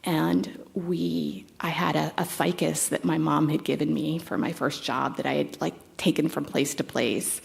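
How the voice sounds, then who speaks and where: A woman in her fifties giving a eulogy for her stepfather, conversational and halting, with fond, wry asides. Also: low-pitched, fairly even intonation, creaky. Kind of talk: memorial eulogy.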